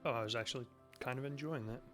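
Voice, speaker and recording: A man's voice: medium pitch, fast, pushed and bright, soft background music. A man playing a game and reading its text aloud, with sarcastic, joking asides. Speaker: game streamer.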